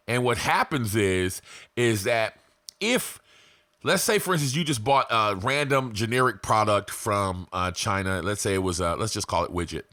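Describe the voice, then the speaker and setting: A man's voice: fairly low pitch, a bit bright, no room sound. A man hosting an online business lesson in a loose, profane, conversational way, laughing often and checking in with "right?" and "okay?". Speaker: online business course host. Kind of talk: casual screen-share tutorial. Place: home, abroad.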